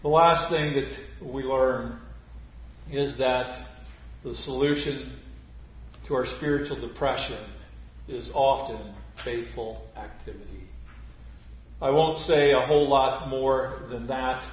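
A man preaching a sermon, slow and deliberate, dropping to near-whisper on key phrases. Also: medium pitch, steady tone. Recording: muffled, very echoey church recording.

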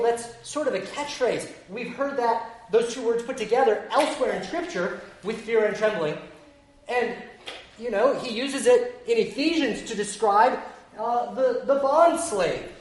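A preacher delivering an expository sermon in a measured, explanatory way, often pausing with "uh". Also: mid-range voice. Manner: measured, explanatory, with frequent "uh" pauses. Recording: echoey room.

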